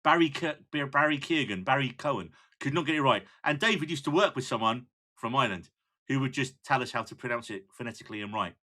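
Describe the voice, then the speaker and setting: A man's voice: mid-range voice, quick pace. A man hosting a podcast in casual chat, joking with his co-hosts. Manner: animated, jokey. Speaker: podcast host.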